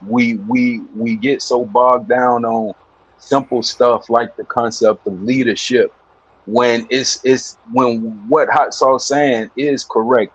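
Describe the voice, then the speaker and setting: A man on a live online debate panel, talking slowly and hesitantly, stammering as he starts his points. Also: medium pitch, husky, dry recording, low-quality recording. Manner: slow, hesitant, stammers at the start of each thought.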